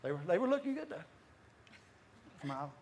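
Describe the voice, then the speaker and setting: A man's voice: high voice, very animated, fairly quick, vocal fry, a little mellow, slight background noise. A man preaching a sermon, telling stories with many restarts and frequent laughter. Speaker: guest preacher. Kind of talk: lively sermon storytelling.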